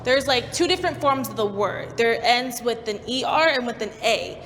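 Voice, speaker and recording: A woman's voice: on the high side, lively intonation, normal speed, fairly bright tone. A woman speaking hesitantly, with many fillers, in a casual panel discussion. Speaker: panel participant. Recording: roomy reverb with faint ambient noise.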